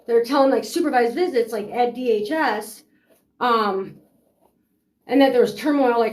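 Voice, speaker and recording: A woman's voice: mid-range voice, a little mellow. Frustrated woman telling her story, roomy echo. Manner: rambling and frustrated, full of fillers. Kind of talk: personal storytelling.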